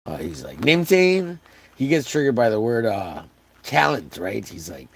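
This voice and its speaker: A man from Texas with a hoarse, wearing-out voice, chatting casually and jokingly to his live stream audience while riffing on catchphrases. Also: fairly low pitch, big pitch swings, normal speed, no room sound. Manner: joking, rambling, riffs on catchphrases.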